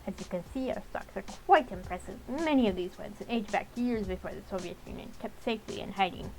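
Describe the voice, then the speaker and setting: A woman voicing a formal female aide of a dictator in a put-on Eastern European accent, measured and reserved, reading a game's lines aloud. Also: mid-range voice, a little mellow, lightly acted.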